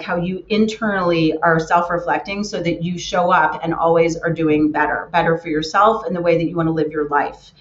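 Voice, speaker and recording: Woman keynote speaker, earnest and emphatic, lowish voice, muffled recording. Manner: earnest, emphatic with repeated words. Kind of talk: motivational talk. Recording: roomy, muffled lo-fi sound.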